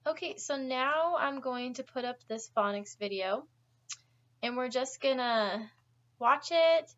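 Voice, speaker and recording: A woman teaching English pronunciation, drilling word pairs slowly and encouraging her students as they repeat. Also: on the high side, a bit bright, highs cut off. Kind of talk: slow, deliberate classroom drilling.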